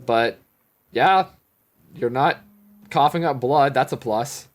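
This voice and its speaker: A man's voice: mid-range voice, slow. A man running a tabletop game as game master, narrating with casual wry asides.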